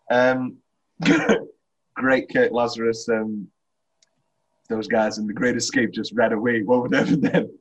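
A man's voice: mid-range voice, flat delivery, a little slow, long pauses, lo-fi sound. A man co-hosting a casual film podcast, laughing often and acting out lines from the movie. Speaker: podcast co-host.

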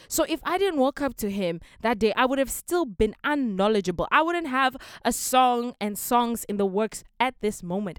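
Bright, smooth-voiced young woman from Africa. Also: a little high, no echo, studio quality. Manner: earnest, emphatic, repeats key phrases. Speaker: podcast host. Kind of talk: casual motivational podcast talk.

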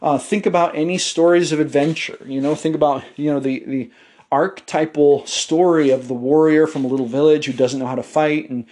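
A man's voice: medium pitch, dark tone. A man hosting a podcast, giving a blunt motivational monologue full of swearing, fillers and restarts. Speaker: podcast host.

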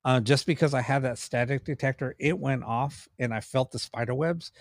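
Medium-pitched and moderately paced, this man's voice is recorded in studio quality with no echo. He's a paranormal investigator and cameraman telling stories casually on a podcast interview, animated and rambling, frequently starting over.

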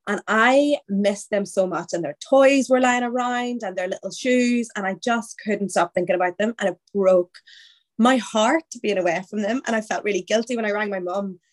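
A woman's voice: mid-range voice, moderate pace. A woman, a podcast guest candidly telling her story in casual, chatty conversation. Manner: candid, chatty, quotes her own thoughts aloud.

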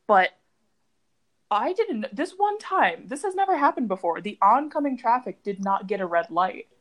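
A young woman from the United States co-hosting a podcast in casual chat, telling stories with a lively, animated delivery. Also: moderate pace. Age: young adult. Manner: animated storyteller, lively swings in pitch. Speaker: podcast co-host.

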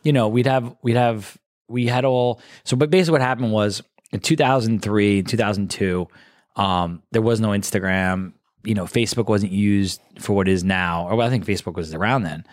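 Low-voiced man telling rambling stories. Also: moderate pace, no echo, clean studio sound. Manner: rambling, animated anecdotes with acted quotes. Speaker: guest, live show producer. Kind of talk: casual storytelling.

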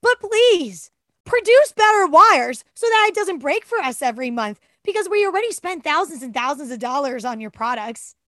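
A woman's voice: high voice, very animated, moderate pace, a bit bright, dry recording, studio quality. A woman co-hosting a podcast in casual, enthusiastic chat, often tripping over her words. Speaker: podcast co-host.

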